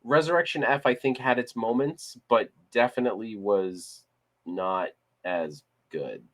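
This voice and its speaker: A man co-hosts a casual discussion podcast, rambling along with many restarts and fillers. His voice is medium-pitched and unhurried.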